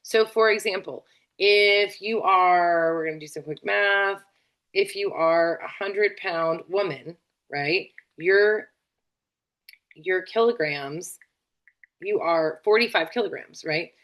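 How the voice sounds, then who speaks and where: Chatty lower-voiced woman explaining labs. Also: slow, fairly bright tone. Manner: chatty, lots of fillers and asides. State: tired, yawning. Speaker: functional medicine practitioner. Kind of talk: casual explanatory lesson.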